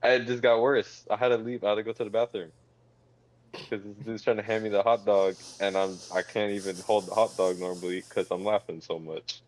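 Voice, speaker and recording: A man's voice: on the low side, little pitch movement, a little fast. A young man on a casual podcast, animatedly telling a funny story. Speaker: podcast co-host. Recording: dry, dull lo-fi mic.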